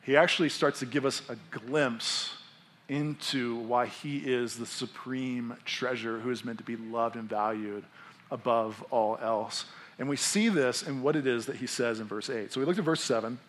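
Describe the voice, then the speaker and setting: A man in his thirties preaching a sermon as pastor, telling stories in an animated way and acting out voices. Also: medium pitch, moderate pace.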